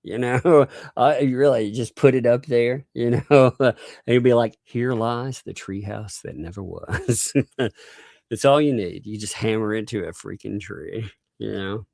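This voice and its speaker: A man's voice: medium pitch, steady tone, moderate pace, gravelly, darkish tone, no echo, clean studio sound. A male livestream host in casual chat, reading out viewer donations and laughing constantly between remarks.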